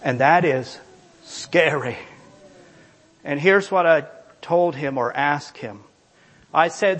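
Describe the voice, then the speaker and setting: A man's voice: on the high side, slow pace, pauses often, a bit bright. A male preacher giving a sermon, emphatic and repetitive, reading scripture aloud.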